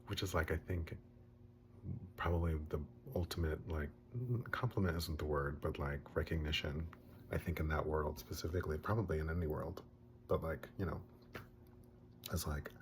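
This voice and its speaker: Deep-voiced male reviewer, animated and casual, recapping a film with faint background hum. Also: normal speed, gravelly. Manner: animated retelling, acting out characters' lines.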